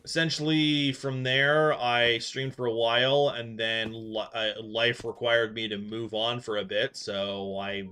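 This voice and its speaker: A man's voice: mid-range voice, flat delivery, unhurried, hardly any pauses, bright, forceful tone, smooth, faint music behind. A young man from Canada chatting casually with viewers on a live stream while he plays, rambling and full of fillers as he gets distracted.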